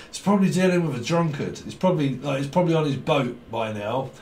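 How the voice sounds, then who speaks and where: A man's voice: fairly high pitch, animated, normal speed, echoey room, a little hiss or hum. A man doing a tarot reading, rambling and jokey, often giggling. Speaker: tarot reader.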